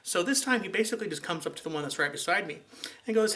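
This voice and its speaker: A man's voice: high-pitched, lively intonation, fast talker, sharp tone. A man telling an exasperated, sarcastic story about running into his ex, in a chatty vlog style. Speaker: vlogger. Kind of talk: casual storytelling to camera.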